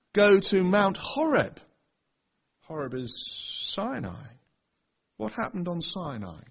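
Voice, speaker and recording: A man with a slightly high, husky voice teaches from the Bible in a sermon, pressing his listeners with rhetorical questions. The recording sounds dull and lo-fi. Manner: asks the audience rhetorical questions. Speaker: preacher.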